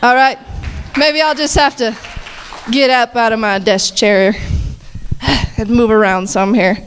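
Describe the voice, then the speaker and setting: A woman with a fairly high, smooth voice speaks at a measured pace in a steady tone. At a campus chapel gathering she hosts a panel, asking playful, teasing questions and laughing often, passing a handheld mic among her guests.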